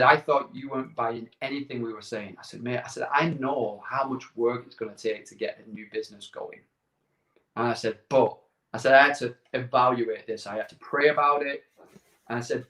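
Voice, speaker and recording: A man's voice: medium pitch, a bit bright. A middle-aged man telling a personal story in a casual interview, acting out quoted dialogue and repeating words as he goes. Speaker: guest. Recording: echoey room.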